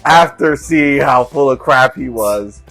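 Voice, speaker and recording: A man's voice: medium pitch, measured pace, fairly bright tone, soft background music. A man co-hosting a gaming podcast in casual chat, teasing and joking. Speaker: podcast co-host.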